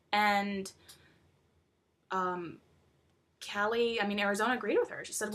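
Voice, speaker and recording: A young woman vlogging casually, chatty and rambling, full of fillers and excited asides. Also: medium pitch, moderate pace. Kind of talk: casual chat about a TV show.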